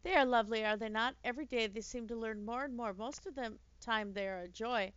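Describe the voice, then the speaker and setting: A woman voicing a sweet elderly working-class nanny who talks gently in old-fashioned speech, with a touch of bitterness. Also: fairly high pitch, a little fast, clear, resonant tone, no echo, close to an everyday voice. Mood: gentle. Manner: gently chatty, archaic speech, mildly bitter. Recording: dull lo-fi dry recording.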